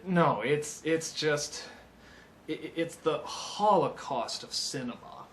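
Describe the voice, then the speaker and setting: A man reviewing films in an impassioned unscripted rant. He is excitable, stammers and restarts, and swings between shouted outbursts and low mutters. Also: normal speed, slight background noise. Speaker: film reviewer.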